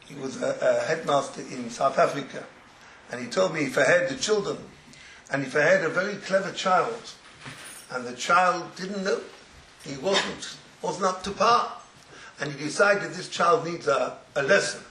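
A man who teaches religious students, giving an informal Torah talk as an animated storyteller who laughs through his words and drops in Yiddish phrases. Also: a little high, moderate pace, slight background noise. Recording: roomy echo, faint ambience.

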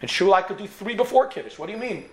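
A man's voice: high-pitched, lively intonation, fast, pitched above the performer's own voice. A man doing a boisterous tipsy old man. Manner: exuberant, boastful toasts. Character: tipsy cheerful older man toasting.

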